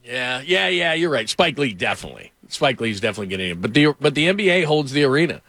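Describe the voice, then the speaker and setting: A man's voice: medium pitch, very animated, quick pace, vocal fry, bright, forceful tone. A man hosting a sports radio show, telling rambling anecdotes full of fillers into a studio microphone.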